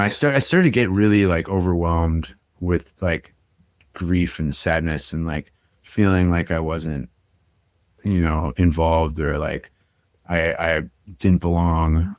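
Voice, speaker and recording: Young adult man, very deep low voice, dry close sound, reflective podcast storytelling, lots of "like" fillers. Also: no echo. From Minnesota. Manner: reflective, frequent "like" and "you know" fillers. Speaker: podcast guest. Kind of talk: personal storytelling in a podcast interview.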